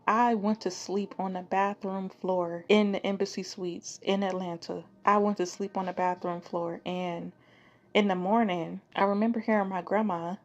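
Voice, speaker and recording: A woman's voice: medium pitch, steady tone, moderate pace, darkish tone, highs cut off. A woman in her thirties hosting a podcast, telling a personal story in a loose, conversational way, cursing and laughing at herself. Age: 30s. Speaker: podcast host.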